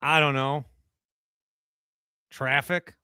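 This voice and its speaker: A man's voice: mid-range voice, steady tone, drawn-out words, sharp tone, smooth, dry recording. A man co-hosting a casual sports podcast with dry, wry remarks. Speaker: podcast co-host.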